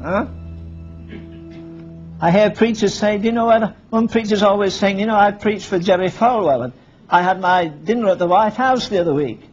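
High-voiced preacher on a dull recording. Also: male voice, normal speed. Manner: rhetorical questions to the congregation, acting out Bible scenes. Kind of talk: sermon. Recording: dull lo-fi sermon recording with faint music.

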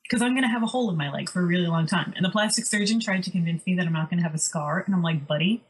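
A woman's voice: on the low side, rapid-fire, low-quality recording. A woman co-hosting a podcast, telling stories in a chatty, wry, casual way. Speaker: podcast co-host. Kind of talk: casual chat.

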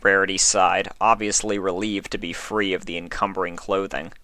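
Casting: a low-voiced male narrator with a bright, forceful tone, reading calmly. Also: moderate pace, no room sound. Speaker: story reader. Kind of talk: audiobook narration.

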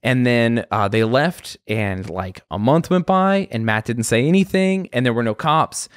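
A young adult man, a guest comedian, telling a story in casual chat, animated and swearing freely as he acts out voices. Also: mid-range voice, unhurried, dry recording, clean studio sound.

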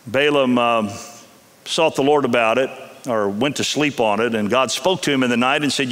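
A man's voice: mid-range voice, moderate pace, fairly bright tone. A middle-aged man preaching a sermon in a university chapel, telling a story animatedly and acting out voices. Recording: long reverb of a chapel hall.

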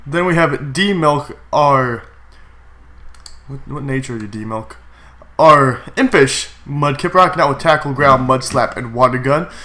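A young man with a stuffy, congested cold voice gives chatty, excitable commentary while playing a game, with sudden yelps. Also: mid-range voice, unhurried. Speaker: gaming YouTuber. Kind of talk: casual Let's Play commentary.

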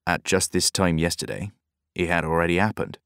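A man voicing a tired old grey-haired fisherman who speaks in a slow, soft mutter, in an audiobook. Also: low-pitched, fairly even intonation, dry recording, clean studio sound. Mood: weary.

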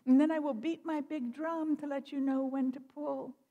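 A woman minister voicing a clever, polite male trickster rabbit in a storybook reading, her voice higher than usual. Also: fairly even intonation, moderate pace, muffled recording. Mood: eager. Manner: polite, sly. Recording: long reverb of a church hall.

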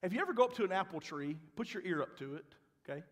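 A male pastor, preaching a sermon with animated storytelling that rises into loud, fervent passages. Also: high-pitched, very fast. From Mississippi. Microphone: handheld or headset microphone, sometimes cutting out. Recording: church hall with long reverb.

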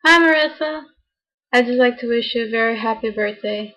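A woman with a fairly high voice offers a sweet, sincere birthday wish. The sound is dull and lo-fi. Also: steady tone, moderate pace, fairly bright tone. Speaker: friend sending a birthday message. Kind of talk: casual to-camera birthday message. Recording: dull lo-fi audio.

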